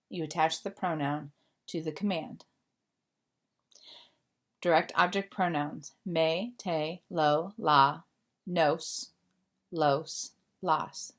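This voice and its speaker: A woman teacher explaining a grammar lesson to her students, patient and full of fillers. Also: sits low. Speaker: Spanish teacher. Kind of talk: recorded remote class lesson.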